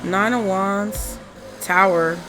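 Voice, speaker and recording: Faint music plays and street and traffic noise filter through an open window as a woman reads tarot at home. Her medium-pitched voice is steady, slow and fairly bright, and she chats, swears freely and muses aloud while turning cards.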